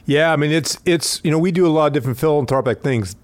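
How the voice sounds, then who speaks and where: A man's voice: fairly high pitch, fast, dry recording. A man hosting an interview podcast, speaking in a casual, encouraging way with lots of fillers. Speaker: podcast host and company executive. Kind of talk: conversational interview.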